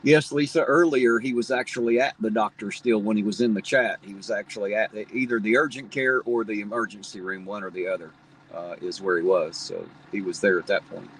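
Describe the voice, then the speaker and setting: A man's voice: on the low side, steady tone, brisk, a bit bright, husky, rough recording. A middle-aged man with a slight Southern drawl from where Ohio, Kentucky and West Virginia meet, chatting in a folksy, rambling way with viewers on a live stream. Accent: Appalachian Ohio Valley, slight Southern drawl. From tri-state area where Ohio, Kentucky and West Virginia meet. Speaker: livestream host. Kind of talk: casual live-stream chat, reading viewer comments.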